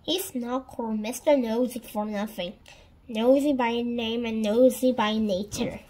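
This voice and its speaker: Slow, high-voiced woman reading a story. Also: steady tone, darkish tone, rough recording. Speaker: storybook reader. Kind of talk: children's story read-aloud.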